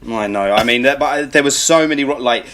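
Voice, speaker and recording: A man's voice: mid-range voice, fast talker, fairly bright tone. A man hosting a film review podcast, ranting about a movie and swearing heavily in casual chat.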